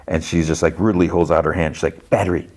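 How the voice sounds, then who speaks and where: A man's voice: extremely low pitch, little pitch movement, fast talker, darkish tone. A man hosting a podcast, casually retelling an episode in a rambling way, full of fillers. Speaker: podcast host.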